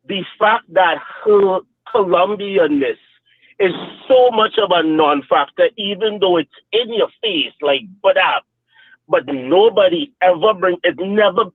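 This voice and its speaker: A man's voice: high voice, no room sound. A man calling in to a live stream, hesitant and stammering as he makes his point, heard over a tinny phone line. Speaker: caller. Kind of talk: casual chat.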